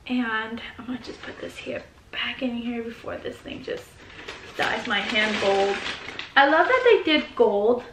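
A woman's voice: on the high side, animated, unhurried, reverberant, noisy background. A young adult woman vlogger chatting casually at home as she unboxes things, gushing and chatty with plenty of fillers. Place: her home.

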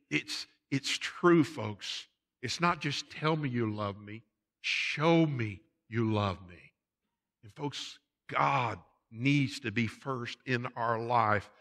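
A man's voice: mid-range voice, sharp tone. A man preaching a sermon as pastor of a church, repeating his points and calling the congregation folks. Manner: preaching with emphatic repetition, addressing the congregation as folks. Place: church sanctuary.

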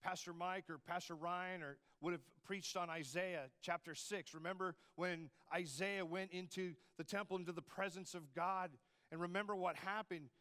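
A man's voice: high-pitched, fairly even intonation, moderate pace, bright, forceful tone. A man preaching a sermon as campus pastor, in a conversational style with frequent rhetorical asides to the congregation.

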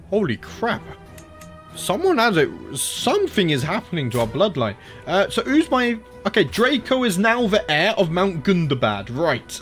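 An Australian man with a slightly high voice talks his way through a strategy game on stream. He thinks out loud, mutters, corrects himself and drops the odd mild curse. Faint game music plays underneath. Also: sing-song, normal speed. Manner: chatty, thinks aloud, mutters and self-corrects, frequent mild swearing. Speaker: gaming streamer. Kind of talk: casual live-stream commentary while playing a strategy game.

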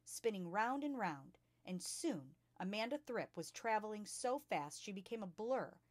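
A woman reading a children's novel aloud with lively expression as a storytime host. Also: mid-range voice, measured pace, no echo. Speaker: storytime reader.

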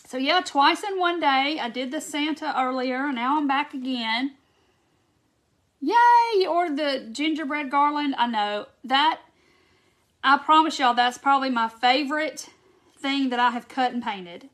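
On a livestream captured through a phone or camera mic, a chatty crafting host talks casually as she works. Her voice is high and a bit bright, with a drawn-out Southern "y'all" manner, and she welcomes viewers by name.

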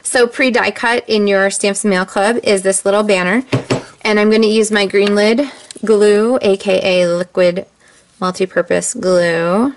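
A woman demonstrating a card-making craft step by step, chatty and relaxed, with frequent ums. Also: mid-range voice, measured pace. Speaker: stamping demonstrator. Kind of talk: casual craft tutorial.

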